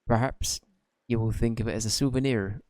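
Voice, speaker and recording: A man's voice: mid-range voice, fairly even intonation, fairly quick, a little mellow, no echo, natural voice. A man reading the lines of an older male peddler in a stiff, formal, hesitant way.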